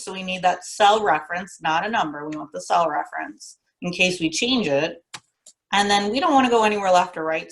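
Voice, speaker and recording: With slight background noise, a woman speaks in a medium-pitched, fairly bright voice. She's giving a recorded class lesson, going through formulas methodically and restating the key steps in a relaxed teaching tone.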